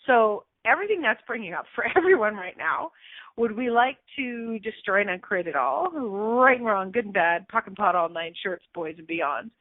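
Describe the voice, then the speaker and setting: A woman's voice: medium pitch, normal speed, no room sound. Woman hosting self-help radio over phone line. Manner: expressive, acts out anxious inner voices. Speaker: radio show host.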